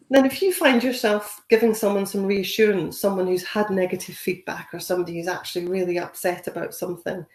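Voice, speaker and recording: A woman's voice: medium pitch, a little mellow, echoey room. A woman giving a conversational training webinar, encouraging and full of "you know" fillers. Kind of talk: webinar talk.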